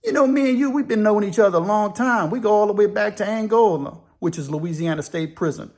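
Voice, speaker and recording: A man's voice: high-pitched, fast, darkish tone. A man voicing an older white convict in his sixties, blunt and teasing as he trades jokes with an old friend. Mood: joking. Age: 60s. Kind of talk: storytelling with put-on voices.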